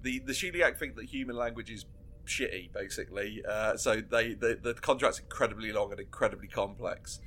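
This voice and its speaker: A man's voice: fairly low pitch, brisk, fairly bright tone, slight background noise. A man co-hosting a casual podcast chat, laughing often and acting out scenes as he retells them. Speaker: podcast co-host.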